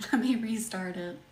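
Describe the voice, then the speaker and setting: A woman's voice: on the high side, slight background noise. Chatty woman hosting a live healing stream. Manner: gentle, chatty, often breaking off to read comments. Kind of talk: live-streamed guided affirmations and chat with viewers. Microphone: computer mic on a live stream. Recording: echoey room with faint music.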